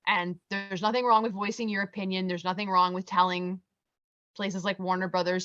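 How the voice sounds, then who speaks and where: A woman speaking firmly and in a measured way in a casual panel discussion, giving advice to listeners. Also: mid-range voice, level tone, a bit bright, dull audio. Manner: firm, measured, advising. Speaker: panel co-host.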